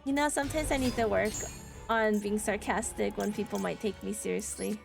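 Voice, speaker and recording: A woman's voice: medium pitch, steady tone, fairly quick, gravelly, music in the background. A woman streaming a card game live, chatting with viewers in a playful, sarcastic way and laughing often. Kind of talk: casual live-stream chat while playing a card game.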